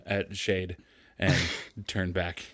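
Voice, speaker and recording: A man's voice: deep voice, level tone, fairly bright tone. A man playing a tabletop game, reacting with dry, joking remarks. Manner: slow, wry reactions. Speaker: player. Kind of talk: casual tabletop play.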